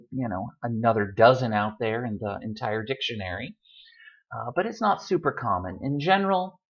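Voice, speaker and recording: A man explains pronunciation rules to his students in a patient, conversational way, dropping in casual fillers as he goes. His pitch rises and falls a lot from one phrase to the next. The recording sounds dull and lo-fi. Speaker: Spanish teacher.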